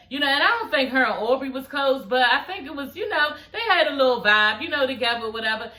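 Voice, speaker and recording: A woman's voice: on the high side, bright, forceful tone, reverberant. A woman giving a casual, blunt recap of a reality show, talking straight to her viewers and swearing freely.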